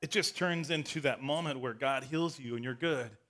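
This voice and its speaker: A man preaching a sermon as pastor, animated, acting out the story and sometimes shouting. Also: medium pitch, normal speed.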